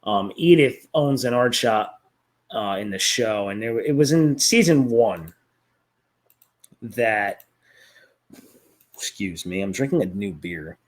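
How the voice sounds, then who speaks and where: A man's voice: fairly low pitch, animated, slow pace, long pauses. A man chatting casually about a favorite cartoon, rambling, laughing often and swearing freely. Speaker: vlogger reviewing a cartoon series. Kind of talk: casual chat.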